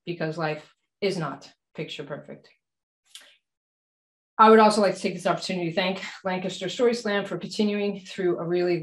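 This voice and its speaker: A woman doctor telling a true personal story at a live storytelling event, acting out her own panicked quotes. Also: fairly low pitch. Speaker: doctor and practice manager. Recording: echoey live venue.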